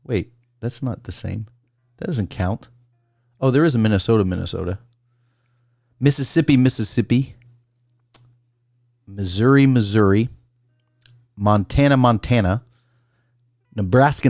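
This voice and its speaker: A man with a low voice hosts a casual call-in livestream. He rambles and reads a list aloud, stopping to greet viewers by name. The sound is dry and close. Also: unhurried, long pauses, a little mellow, dry recording. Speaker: call-in show host.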